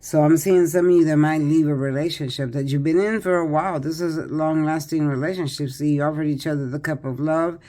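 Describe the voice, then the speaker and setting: A woman's voice: low-pitched, steady tone, a little fast, hardly any pauses, mellow. A tired older woman doing a casual tarot reading, chatty and rambling with many fillers and restarts. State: tired, yawning. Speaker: tarot reader.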